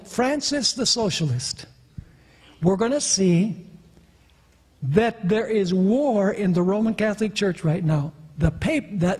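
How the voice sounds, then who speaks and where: A man's voice: sits high, darkish tone, husky. A man preaching a sermon, emphatic and questioning his audience. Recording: long reverb of a hall.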